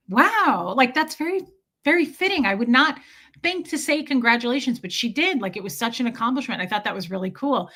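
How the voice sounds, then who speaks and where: This woman's voice is fairly high with a fairly bright tone as she hosts her casual livestream. Her meandering story is repeatedly put on hold while she welcomes viewers in the chat.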